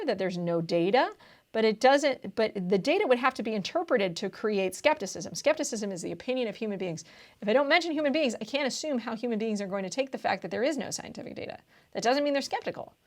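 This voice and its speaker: A woman tutor walking through test questions on video, thinking aloud and often checking in with "right?". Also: medium pitch.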